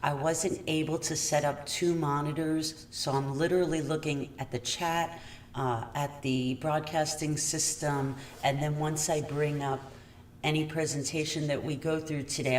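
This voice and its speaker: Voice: medium pitch, reverberant. A true crime host talks casually on a livestream, chatty and apologetic. The mic sits some distance away, so the voice bounces around the room. A faint hiss runs underneath. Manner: chatty and apologetic, often checking the audio.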